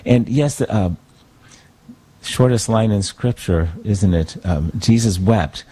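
A man, a priest, talking in a thoughtful, reflective way, pausing to search for words. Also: on the low side, mellow, slightly rough. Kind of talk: conversational talk.

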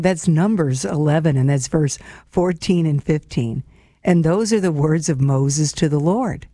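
A woman's voice: deep voice, warm tone, no echo, studio quality. A woman hosting a devotional show, reflecting on scripture in an earnest, personal, conversational way and calling her listeners friends.

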